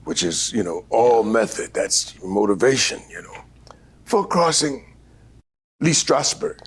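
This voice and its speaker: An older man, a veteran actor, telling stories in an interview in an unhurried, animated way with many fillers and a husky voice. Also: medium pitch. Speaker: guest actor. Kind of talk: storytelling interview.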